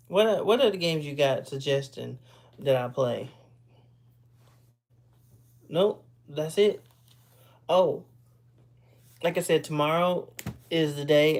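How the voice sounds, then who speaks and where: Sleepy and yawning, a man in his thirties streams from his home computer, rambling casually to his audience and fixing his own statements as he goes. His relaxed voice is a little high with a darkish tone.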